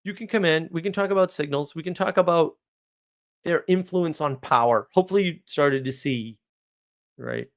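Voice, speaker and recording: A man's voice: a little high, normal speed, fairly bright tone. A man hosting a live stream, telling stories in a casual, rambling way, laughing often and checking in with "right?" asides. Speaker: livestream host.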